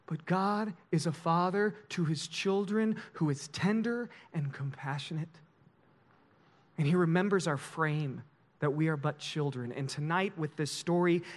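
A man pastor telling stories in an animated sermon. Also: a little high. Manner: animated storytelling.

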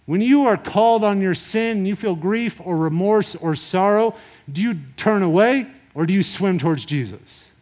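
A man preaching a sermon in a conversational, animated retelling style. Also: high voice, moderate pace. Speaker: pastor.

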